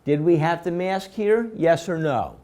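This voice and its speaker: A man with a slightly high voice lectures his class. He explains each step methodically and repeats himself for emphasis. He keeps stopping to quiz his students with quick questions. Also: expressive, a little mellow. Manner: quizzing students with rhetorical questions. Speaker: instructor.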